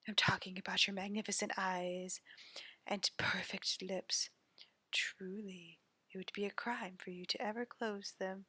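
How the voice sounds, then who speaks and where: A woman voicing a smooth, flirtatious male courtesan, speaking low and breathy with flattery. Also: unhurried, no echo. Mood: seductive.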